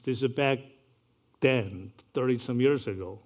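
A man, earnestly recounting a personal story in a measured way, with occasional restarts. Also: mid-range voice.

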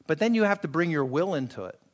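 A man's voice: on the high side, lively intonation, quick pace. A man pastor preaching a sermon in a conversational way, acting out quoted voices and asking his listeners if they follow. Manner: conversational preaching, acts out quoted voices, asks the congregation for agreement.

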